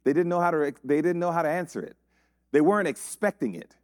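A man's voice: fairly high pitch, expressive, fast, a little mellow, dry recording, clean studio sound. A man preaching a sermon, building his points through repeated rhetorical questions.

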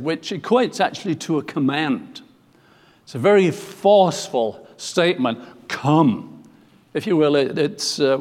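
A man's voice: on the high side, in a large hall. A man preaching a sermon, explaining scripture with emphatic quotations and some hesitant fillers.

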